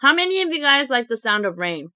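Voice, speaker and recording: A young woman talks straight to her viewers, spinning a story in a chatty, animated way and dropping "like" every few words. Her voice is bright and clear, pitched a little high, and it sits dry and close to the mic. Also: fast talker, no echo. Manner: chatty, animated, many "like" fillers. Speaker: mukbang vlogger.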